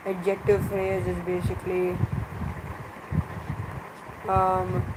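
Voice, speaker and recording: Slow, flat-voiced grammar teacher. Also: mid-range voice, noisy background. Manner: slow, measured explaining with many pauses. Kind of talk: grammar revision lesson.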